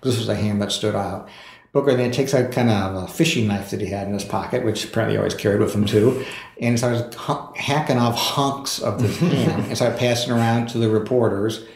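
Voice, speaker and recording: A man with a low, gravelly voice spins anecdotes as a podcast guest, full of ums and small laughs. His voice bounces around a roomy, echoey space. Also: fairly quick, a little mellow. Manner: anecdotal, with fillers and chuckles. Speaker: author guest. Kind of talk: casual storytelling in a podcast interview. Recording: echoey room.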